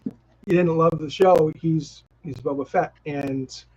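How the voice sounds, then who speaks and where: A man's voice: fairly high pitch, fairly even intonation, slow, darkish tone, slightly rough. A man with a Boston accent co-hosting a casual live stream, talking eagerly and restarting his sentences often. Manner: enthusiastic, rambling with restarts. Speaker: co-host. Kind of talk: casual chat. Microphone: video call. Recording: dull lo-fi stream audio.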